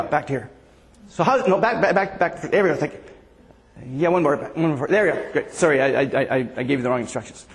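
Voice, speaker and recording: A man preaching a conversational sermon as pastor, asking the congregation questions. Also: sits high. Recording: long hall reverb.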